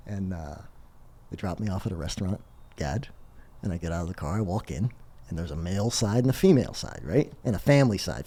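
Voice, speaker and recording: A middle-aged man talking casually as a podcast guest, his voice sitting somewhat low. His pitch swings widely and he laughs his way through the story. He sounds relaxed and conversational. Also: husky.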